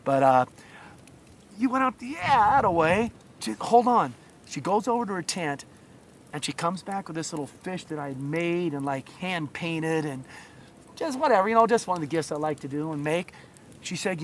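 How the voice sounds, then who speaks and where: A man's voice: a little high, animated, normal speed, a little hiss or hum. A man telling a rambling anecdote to a listener in casual talk, with many asides. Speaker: storyteller.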